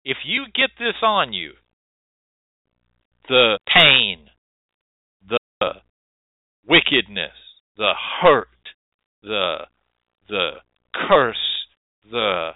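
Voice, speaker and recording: A man's voice: mid-range voice, sing-song, extremely slow, long pauses, no room sound. Man, profane blunt lecture, swoops up and down, tinny phone-like dry sound. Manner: blunt, profane, preachy and emphatic. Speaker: host and hoodoo teacher. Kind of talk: lecturing monologue.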